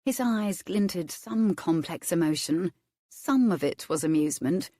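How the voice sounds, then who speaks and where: A woman reading a romance novel aloud as its narrator, measured and expressive. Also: lowish voice, no room sound, clean studio sound. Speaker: audiobook narrator.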